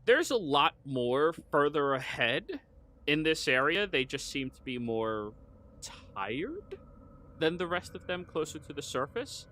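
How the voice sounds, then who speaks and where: A man running a tabletop game as dungeon master, describing the scene in halting, descriptive narration. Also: on the high side, very animated, bright, forceful tone.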